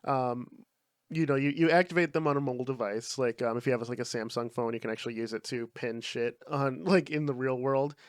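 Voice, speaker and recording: A young man co-hosts a podcast in a laid-back, casual chat, swearing freely and leaning on fillers. His medium-pitched voice is clear and resonant, fairly quick, captured in a dry, clean studio recording.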